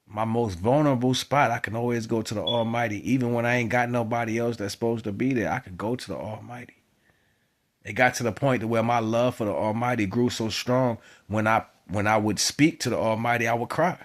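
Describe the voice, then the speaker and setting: Guy with preaching at the camera, drops low then gets loud and fired up. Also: fairly even intonation, brisk. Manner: emphatic, swings between soft musing and loud exhortation. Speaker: spiritual vlogger.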